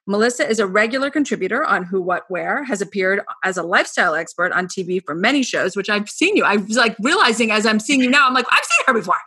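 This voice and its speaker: A woman's voice: medium pitch, animated, fast, few pauses, pushed and bright, breathy edge. A middle-aged woman from New York hosting a podcast interview, bubbly and effusive with gushing asides. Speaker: podcast host.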